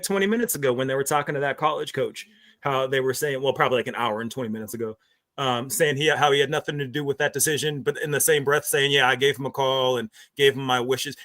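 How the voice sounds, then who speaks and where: A man's voice: mid-range voice, a bit bright. A man on a sports panel in heated casual chat, ranting with heavy swearing and emphatic restarts.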